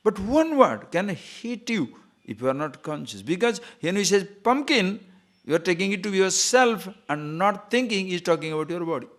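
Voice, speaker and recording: A man, a spiritual teacher, giving an animated lecture on scripture and acting out little scenes of quoted speech. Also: high voice, normal speed. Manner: animated, acts out quoted speech, chuckles at own stories.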